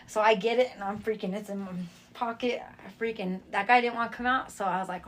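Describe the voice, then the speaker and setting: A woman's voice: mid-range voice, fast, hardly any pauses. A woman sharing her life testimony as a guest, telling stories in a casual, streetwise way and acting out the voices of people she quotes. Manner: animated, acts out quoted voices; streetwise slang. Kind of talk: casual storytelling.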